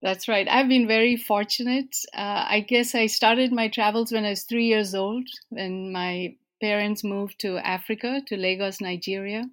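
A woman from India, answering interview questions in a warm, self-deprecating storytelling manner with frequent small hesitations. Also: medium pitch, steady tone, moderate pace, few pauses. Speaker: interviewee, organization president.

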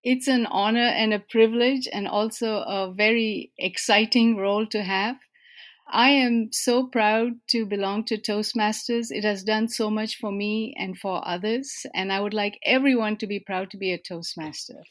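A woman from India, answering interview questions in a warm, self-deprecating storytelling manner with frequent small hesitations. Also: medium pitch, steady tone, moderate pace. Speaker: interviewee, organization president.

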